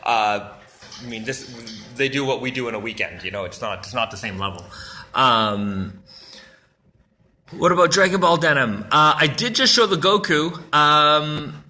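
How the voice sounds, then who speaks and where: Bright-voiced casual male livestream host. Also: mid-range voice, expressive, unhurried. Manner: chatty and easygoing, reads out viewer questions and answers offhand. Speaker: brand livestream host answering viewer questions. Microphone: phone livestream.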